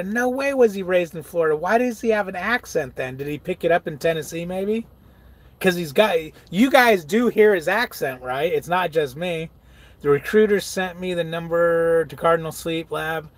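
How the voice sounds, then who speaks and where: A truck driver chatting casually on a live stream, reading viewer comments aloud and answering them, swearing freely and laughing often. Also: male voice, a little high.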